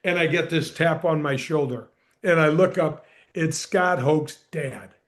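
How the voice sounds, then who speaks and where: A middle-aged man tells his story on a podcast with energy and emphasis. His voice sits high for a man. He punches key words and keeps the telling moving. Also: unhurried. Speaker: podcast guest, former pro golfer and radio host. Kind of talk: animated storytelling in conversation.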